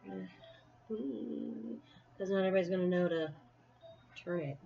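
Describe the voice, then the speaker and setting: A woman's voice: on the low side, steady tone, fast, lo-fi sound, background noise. A woman co-hosting a casual podcast chat, telling a story and laughing often. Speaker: podcast co-host.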